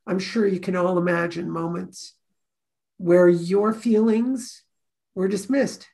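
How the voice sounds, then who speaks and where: Woman, course teacher, gravelly voice, storytelling delivery. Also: on the low side, fairly even intonation, slow, mellow. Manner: storytelling, acts out quoted voices. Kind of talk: teaching a class talk.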